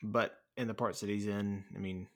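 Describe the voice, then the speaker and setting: A man's voice: lowish voice, little pitch movement, normal speed. A man co-hosting a casual film podcast, talking enthusiastically and animatedly about a movie scene. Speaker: podcast co-host.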